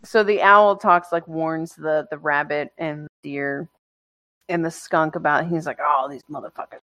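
A woman's voice: sits low, steady tone, a little slow, sharp tone, dry recording. A young woman co-hosting a casual podcast chat, blunt and crude, laughing often. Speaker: podcast co-host.

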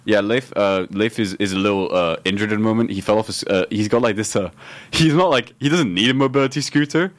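A man's voice: on the low side, quick pace. A young man hosting a student radio podcast in casual chat, rambling with many fillers and restarts, joking as he goes. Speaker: podcast host.

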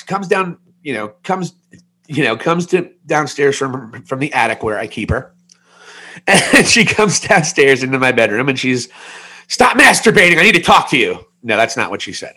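Sing-song and sharp in tone, his medium-pitched voice moves at a moderate pace. The man, in his forties, co-hosts a podcast and drifts through a frank personal anecdote, poking fun at himself along the way in a casual chat.

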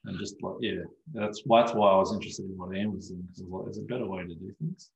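Swearing man with a low voice. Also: fast talker, gravelly, roomy sound, muffled recording. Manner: swears freely, animated storyteller. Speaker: osteopath guest. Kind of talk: casual podcast chat.

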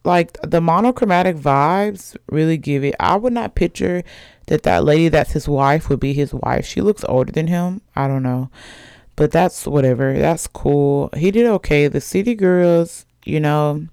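Chatty young woman with gravelly fry. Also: low voice, moderate pace, darkish tone, no echo, clean studio sound. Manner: chatty, laughs often, gossipy. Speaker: podcast host. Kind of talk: casual chat.

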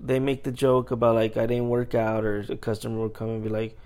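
A man's voice: level tone, fairly quick, a little mellow, clear, resonant tone. A young man in casual chat, telling jokey stories about his work as a store manager and putting on customers' voices. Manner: jokey storyteller, acts out customers with high voices.

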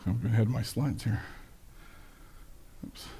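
A man preaching a sermon with slides, conversational and self-correcting, turning animated when he quotes people. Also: medium pitch, moderate pace. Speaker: pastor.

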